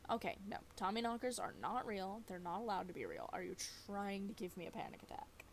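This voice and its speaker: A woman's voice: mid-range voice, lively intonation, a little fast, slight background noise, lightly acted. A woman voicing a jumpy, anxious young woman who talks in dramatic, panicky bursts.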